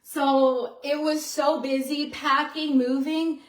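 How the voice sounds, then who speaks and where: A woman talking casually to her viewers in a vlog, chatty and excitable, full of "you know" and "like". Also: high voice, slow pace, roomy sound, poor audio. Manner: excitable storyteller who acts out quotes. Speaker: vlogger.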